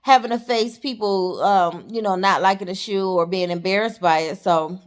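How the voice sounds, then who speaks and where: A woman's voice: medium pitch, normal speed. A woman giving a casual, chatty recap of a TV episode, talking straight to her viewers and calling them honey. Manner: chatty and animated, calls the viewer honey and y'all. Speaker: TV show recapper.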